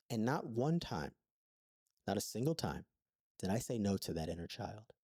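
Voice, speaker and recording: A man with a lowish, warm and mellow voice tells his story in an earnest, thoughtful way. His voice is recorded close and dry, with no room sound. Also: dry recording. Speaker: podcast co-host. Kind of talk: intimate conversation.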